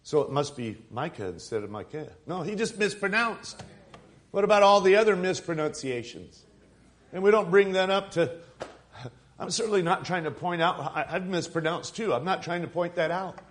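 A man's voice: high voice, animated, moderate pace. A middle-aged man preaching a sermon as a pastor, building to emphatic, repeated declarations. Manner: preaching with rising emphatic repetition.

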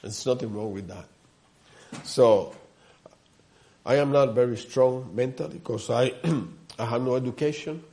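Male preacher, mid-pitched, earnest, repeats phrases, checks in with listeners often. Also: a little slow, pauses often, mellow. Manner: earnest storytelling with many repeats and asides to the listeners. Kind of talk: sermon.

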